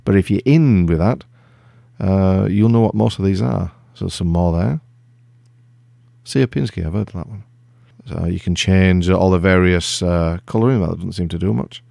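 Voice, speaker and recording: Low, gravelly middle-aged man hosting a relaxed software walkthrough, self-deprecating and rambling. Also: moderate pace, dry recording, clean studio sound. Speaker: tech video host. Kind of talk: casual screen-recorded software walkthrough.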